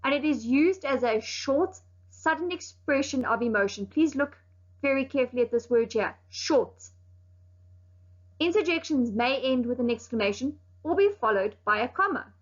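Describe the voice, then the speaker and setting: High-voiced teacher, slow clear explaining. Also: female voice, expressive, fairly bright tone. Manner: clear, explaining slowly with firm emphasis. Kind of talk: recorded online lesson. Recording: dull lo-fi sound.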